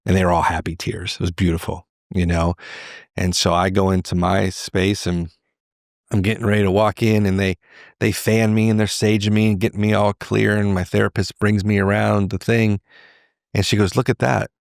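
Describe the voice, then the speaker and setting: A middle-aged man, a podcast guest, telling a candid personal story in an animated way. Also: on the low side, moderate pace, vocal fry, dry recording, clean studio sound. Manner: animated, acts out quoted voices.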